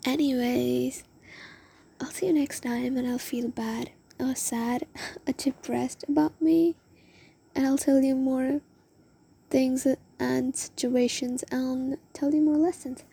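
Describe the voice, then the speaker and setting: Husky, breathy young woman in a rambling vlog. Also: high voice, fairly even intonation, slow pace, mellow. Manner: rambling, emotional, lots of "oh my God". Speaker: vlogger. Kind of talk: confessional casual vlog, often whispered.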